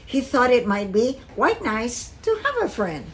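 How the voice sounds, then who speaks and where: A woman reading a picture book aloud to children in an expressive storytelling manner, as a teacher. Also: on the high side, slight background noise, rough recording. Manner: expressive and slow-paced storytelling.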